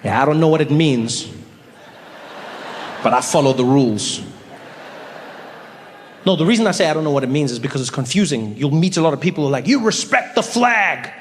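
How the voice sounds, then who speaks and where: A man in his forties performing a stand-up comedy set, bantering with the crowd and jumping into high, shouting voices for imagined people. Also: fairly quick, long pauses. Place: large theater stage. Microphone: handheld stage mic. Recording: live stage mic in a large reverberant venue with faint audience noise.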